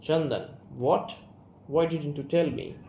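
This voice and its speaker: A young man with an Indian English accent voicing a guarded, estranged son and writer, reading a play aloud in a measured, restrained way. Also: a little high, dark tone. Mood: defensive. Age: young adult. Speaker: student reader. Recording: roomy room, faint hiss.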